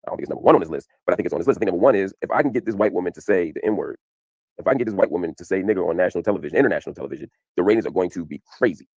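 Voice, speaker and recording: A man with a low voice explains his side of a televised exchange at a rapid clip. He stresses his points hard and stays animated throughout. The recording is dry and close. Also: no echo. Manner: emphatic, animated. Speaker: commentator explaining a TV appearance. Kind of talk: fast explanatory commentary.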